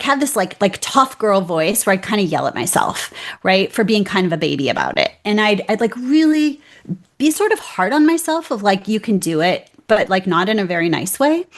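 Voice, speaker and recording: A middle-aged woman, a keynote speaker, talking in a conversational interview and acting out the voices in her head. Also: mid-range voice. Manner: animated, acts out inner voices.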